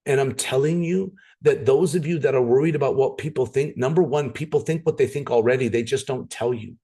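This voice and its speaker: A man giving a motivational sales training talk, animated, acting out scenes and repeating words for emphasis. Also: medium pitch, fairly quick.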